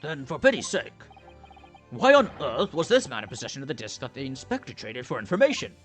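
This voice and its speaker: Man doing a stern older english judge, pompous, formal, lively swooping pitch, game voice. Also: brisk, soft background music.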